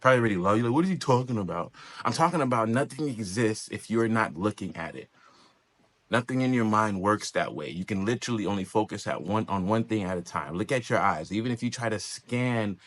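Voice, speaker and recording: A man giving a rambling, profane motivational monologue full of slang, jumping into loud, high mimicking bits. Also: expressive, brisk. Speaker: self-help speaker.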